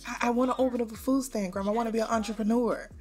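A woman's voice: a little high, fairly even intonation, very fast, a little mellow, faint music behind, voice pushed up, natural voice. A woman voicing an eager young man who pleads with and sweet-talks his grandmother.

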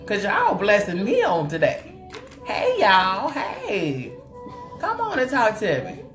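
Animated woman hosting a makeup live stream. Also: medium pitch, slow. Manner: animated and chatty, greets viewers with terms of endearment. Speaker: host of a live makeup tutorial. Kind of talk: live-stream chat with viewers while demonstrating makeup. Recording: roomy echo with faint music behind.

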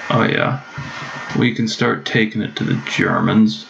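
A man's voice: fairly low pitch, unhurried. A man casually commenting on his strategy game play, chatty and swearing, joking to himself. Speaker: gameplay commentator. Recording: dull lo-fi mic with clear noise.

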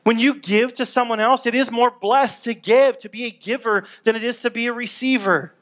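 A man's voice: very high voice, steady tone, normal speed, a bit bright. A man preaching a sermon in a conversational, upbeat way, acting out everyday complaints to make his point. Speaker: pastor.

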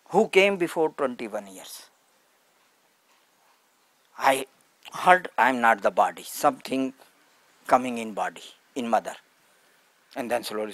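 A man's voice: medium pitch, fairly bright tone, dry recording. A man, a spiritual teacher speaking in simple broken English with short repeated phrases at a satsang. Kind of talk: satsang talk to a gathering.

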